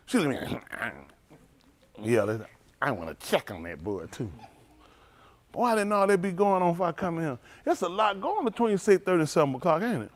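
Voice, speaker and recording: A male preacher ribs his congregation in loose, laughing banter. His voice sits fairly high for a man and swings widely in pitch as he teases. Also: big pitch swings, brisk, pauses often. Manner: playful teasing, laughing often. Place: synagogue hall, livestream.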